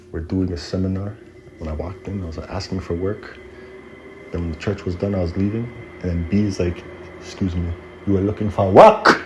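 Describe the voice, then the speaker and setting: A man's voice: deep voice, warm tone, highs cut off, slight background noise. A man telling a personal story in a casual, rambling, slangy way, laughing at it now and then.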